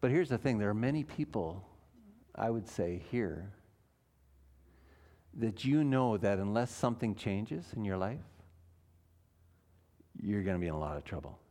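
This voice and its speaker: A man's voice: fairly low pitch, expressive, a little slow, long pauses, warm tone. A man, a pastor, preaching a sermon in church, earnest and emphatic, asking his listeners questions.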